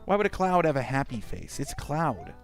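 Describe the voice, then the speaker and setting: A man's voice: fairly high pitch, big pitch swings, a little fast, faint music behind. A man streaming a game, chatting casually and swearing often as he reads chat aloud and rambles. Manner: profane, rambling, talks to chat.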